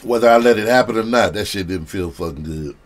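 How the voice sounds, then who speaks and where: A man's voice: fairly low pitch, fast. A male comedian telling a story in a loose, profane, casual way, often laughing and saying "you know".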